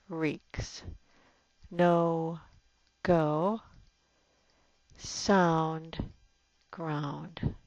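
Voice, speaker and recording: A woman's voice: on the low side, no echo. A woman teacher explaining poetry in a recorded lecture, with many fillers and restarts, tapping out the rhythm aloud. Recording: dull lo-fi recording.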